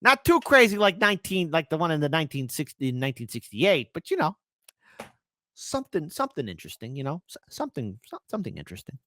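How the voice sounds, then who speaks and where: A man hosting a livestream with political commentary, ranting in an animated, sarcastic way. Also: fairly high pitch, quick pace, no echo.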